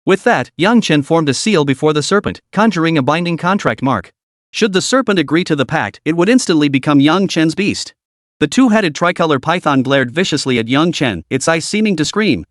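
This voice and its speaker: A man's voice: fairly high pitch, lively intonation, brisk, dry recording, studio quality. A man narrating a recap story in a dramatic, scripted style.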